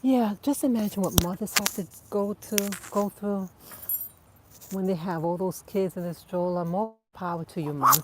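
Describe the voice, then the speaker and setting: A woman vlogging while out walking her dogs, chatting in a relaxed, reflective way with soft laughs. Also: mid-range voice, normal speed, very noisy. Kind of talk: casual outdoor vlog chat. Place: outdoors in a park. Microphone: clip-on mic, wind audible.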